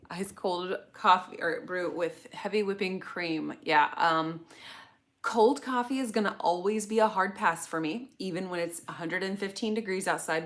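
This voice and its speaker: A middle-aged woman with a somewhat low voice hosts a relaxed livestream. She chats in a loose, rambling way, full of fillers and self-corrections as she answers her viewers. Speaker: channel host reading live chat. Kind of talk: casual livestream chat.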